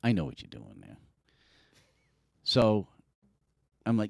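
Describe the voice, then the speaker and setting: A middle-aged man spins a long, profane story on a podcast. His voice swings widely in pitch as he acts out what everyone said. The sound is dry and close. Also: slow pace, creaky, long pauses, dry recording. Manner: animated, profane, acts out quotes. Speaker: podcast co-host. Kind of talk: casual storytelling chat.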